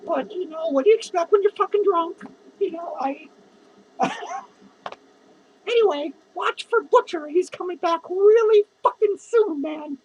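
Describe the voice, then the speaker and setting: A woman's voice: extremely high pitch, a little slow, a little mellow, muffled recording, slight background noise. Woman playing a drunk, lonely clown lady. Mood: drunk rambling. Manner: rambling, profane, giggly. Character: drunk, lonely, foul-mouthed female clown. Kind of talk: rambling character vlog.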